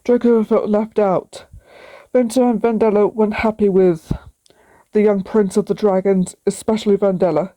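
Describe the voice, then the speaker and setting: A woman's voice: medium pitch, fairly even intonation, moderate pace, mellow. Woman reading a storybook aloud. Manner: simple plain reading with small slips. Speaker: storybook reader.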